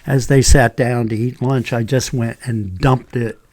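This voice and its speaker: An older man, a retired teacher, telling animated stories in a casual chat and acting out the voices of people in them. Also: mid-range voice, measured pace, dry recording. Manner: animated anecdotes, acts out quoted voices. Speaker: retired teacher, podcast guest.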